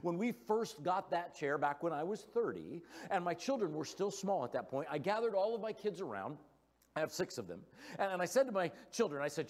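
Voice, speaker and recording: A man's voice: a little high, big pitch swings, brisk, a little mellow, long reverb tail. A middle-aged man preaching a sermon in a church, telling stories with playful humor. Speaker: guest preacher. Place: church sanctuary.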